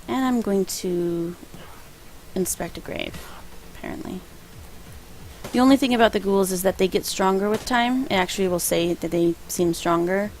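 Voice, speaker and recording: A woman's voice: mid-range voice, darkish tone, slight background noise, low-quality recording. Chatty woman narrating her gameplay. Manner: chatty, rambling, laughs at her own jokes. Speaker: let's play host. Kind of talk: casual gameplay commentary.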